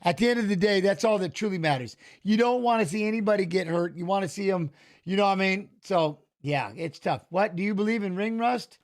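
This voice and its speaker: High-voiced man rambling through live fight talk. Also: a little fast. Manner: animated, rambling, repeats phrases. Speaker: watch-along host, former fighter. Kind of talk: casual live fight commentary.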